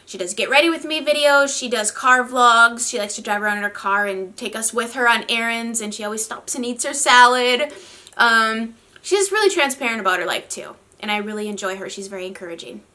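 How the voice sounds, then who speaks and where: Bright-voiced chatty woman vlogger. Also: on the high side, moderate pace. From northern United States. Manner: rambly, chatty, laughs often. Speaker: beauty vlogger. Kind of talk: casual chat.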